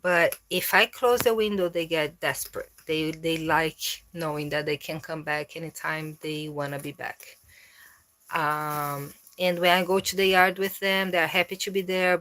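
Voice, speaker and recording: A woman vlogging casually about her cats, coaxing them with meows and baby talk between relaxed explanations. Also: lowish voice. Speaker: cat owner and vlogger. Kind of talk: casual vlog narration.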